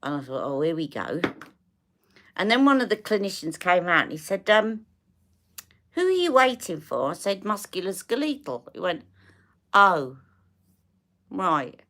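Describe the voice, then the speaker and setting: British woman going on about her day, bright forceful voice, a bit low. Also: expressive, unhurried, pauses often. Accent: British English. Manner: chatty, exasperated, acts out the dialogue. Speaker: beauty live-stream host. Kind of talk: casual storytelling to camera.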